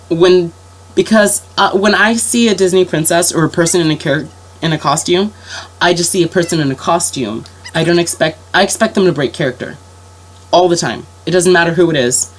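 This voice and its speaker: A young woman vlogger with a sick voice tells a story casually and rambles, full of fillers, restarts, and self-corrections. Her voice is lowish, at normal speed.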